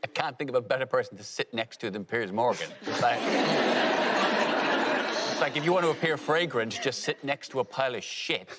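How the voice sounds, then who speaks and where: A man's voice: medium pitch, brisk. A man trading sardonic jokes as a comedy panellist. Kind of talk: panel show banter. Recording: studio audience laughter and noise.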